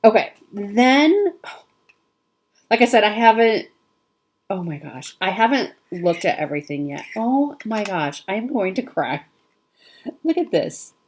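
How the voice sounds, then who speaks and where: Woman, craft vlogger, slow and gushing, mid pitch. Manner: gushing, delighted, often laughing softly. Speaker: cross-stitch vlogger. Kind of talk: casual unboxing chat to camera.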